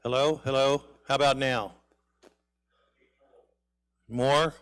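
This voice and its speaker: A man's voice: mid-range voice, steady tone, takes it slowly, fairly bright tone, smooth. A man running a casual sound check in a church, chatting and asking the room how the mic sounds, holding it near and far. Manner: chatty, asks the room questions. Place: church sanctuary. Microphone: handheld mic, held at varying distances.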